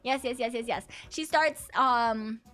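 A woman VTuber streamer chatting casually and excitedly with her viewers, swearing freely and laughing often. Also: on the high side, a little slow, soft background music. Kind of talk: casual livestream chat with viewers.

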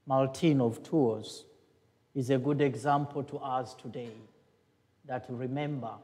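A man, a priest, giving a homily in a halting way, pausing to search for words, in a church. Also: mid-range voice, steady tone, dark tone. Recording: long church reverb.

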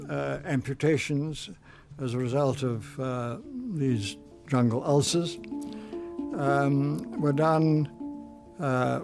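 A man in his nineties, a war veteran, recalling events slowly with many pauses and fillers. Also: mid-range voice. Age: 90s. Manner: slow, measured, with many fillers. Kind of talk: interview recollection.

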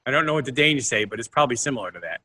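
Lively bright-voiced joking man. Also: medium pitch, racing. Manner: playful, jokey asides, stammers when starting a thought. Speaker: podcast co-host. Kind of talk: casual comedic chat.

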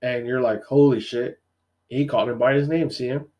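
Talking fast in a medium pitch, this male podcast co-host chats casually through a comic recap. He tells it with animation, voices the characters' lines as he goes, and fills his speech with plenty of fillers.

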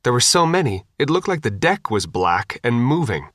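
Casual: guy reading a thriller audiobook, even pace, middle voice, very dry sound. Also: medium pitch, moderate pace, no room sound. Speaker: audiobook narrator. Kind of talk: scripted audiobook narration.

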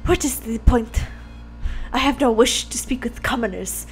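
A woman's voice: a little high, normal speed, faint music behind, natural voice. A woman voicing a haughty, aristocratic young male fantail bird in an attempted French accent, cold and disdainful.

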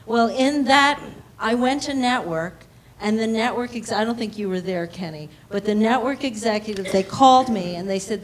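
An actress on a panel telling a lively anecdote and acting out the back-and-forth of each quoted exchange. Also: female voice, medium pitch, moderate pace, slight background noise, low-quality recording. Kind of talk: panel discussion storytelling.

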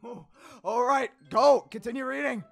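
A man with a high-pitched voice reads fan fiction aloud. His voice has a gravelly edge. He teases his co-host and breaks off into crude jokes and giggles as he goes. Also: normal speed, no room sound, soft background music. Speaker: YouTuber playing Shadow the Hedgehog.

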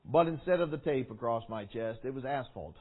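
A man preaching a sermon to young people, telling a story with lively acting, shouts and sound effects. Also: medium pitch, brisk. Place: large meeting hall. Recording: tinny phone-like sound.

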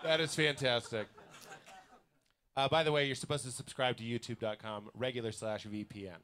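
A man's voice: medium pitch, steady tone, moderate pace, a bit bright, clean tone. A man hosting a live comedy podcast in a restaurant basement, playful and laughing often as he talks. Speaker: podcast host.

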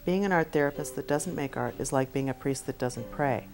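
A middle-aged woman, an art therapist, narrating in a soft-spoken, earnest, measured way. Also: very deep voice, faint music behind. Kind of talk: reflective spoken-word narration.

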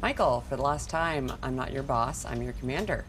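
A woman's voice: a bass voice, expressive, brisk, slight background noise. An actress playing a stern female mission commander who gives clipped, urgent orders. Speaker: mission commander in a film clip. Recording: film soundtrack under loud music.

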